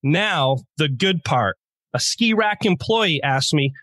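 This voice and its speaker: Man, high voice, playful jokey storyteller, podcast co-host, dry close mic. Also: expressive, slow pace, a bit bright, no room sound. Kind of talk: casual podcast banter.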